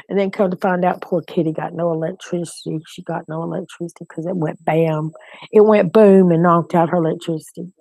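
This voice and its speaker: Woman stream co-host, low-pitched, dry close sound, laughing and chatty. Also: steady tone, a little fast, creaky, mellow, no echo. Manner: chatty, laughing, talks straight to viewers. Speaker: livestream co-host. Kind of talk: casual live-chat talk.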